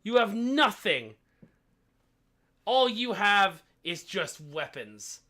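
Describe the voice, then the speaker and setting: A man's voice: sits high, big pitch swings, slow, sharp tone, voice pushed up, exaggerated voice. A man voicing a haughty, scornful half-elf queen in a tabletop game, sneering insults in a raised voice. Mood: contemptuous.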